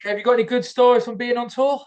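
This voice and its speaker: A man's voice: very high voice, fairly even intonation, fast talker, darkish tone, smooth, lo-fi sound. A man hosting a comedy podcast, throwing short questions and banter at his guest. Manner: brief prompts and banter. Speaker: podcast host. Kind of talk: casual interview.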